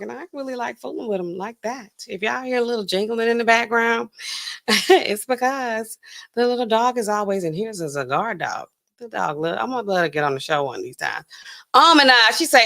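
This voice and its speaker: A woman pharmacist hosting a casual livestream, chatting to viewers and acting out customers in quick asides. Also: medium pitch, a bit bright.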